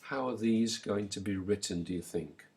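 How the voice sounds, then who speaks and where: Male language teacher, lowish voice, slow and clear, leaves pauses for repetition. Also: darkish tone. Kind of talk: recorded language lesson.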